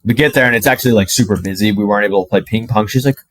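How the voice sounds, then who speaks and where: A young man telling a personal story to camera in a casual, animated way, full of "like" and the odd swear word. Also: fairly low pitch, racing, no room sound, rough recording. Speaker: dating coach.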